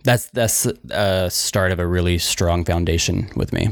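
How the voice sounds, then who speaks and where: A man's voice: low voice, steady tone, measured pace, dry recording, clean studio sound. A man talking openly as a podcast guest, rambling with many fillers. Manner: open, rambling, frequent "like" fillers. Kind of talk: casual chat.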